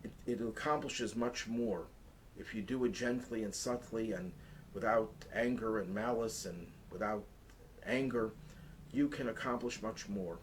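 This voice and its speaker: A man's voice: lowish voice, measured pace, slight background noise, poor audio. A man teaching the weekly Torah portion as a rabbi, earnest and rising in intensity to stress his points. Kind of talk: Torah lesson.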